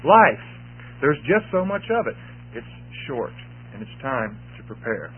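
A man's voice: mid-range voice, sing-song, a little slow, slightly rough. A man preaching a sermon to a church congregation, repeating his key phrases for emphasis. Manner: repetitive, emphatic preaching with restarts. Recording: tinny phone-like band, lo-fi.

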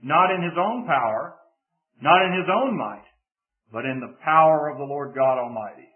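A man's voice: a little high, lively intonation, normal speed. A man preaching a sermon, lingering on single words for dramatic emphasis and reading scripture aloud. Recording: tinny phone-like recording.

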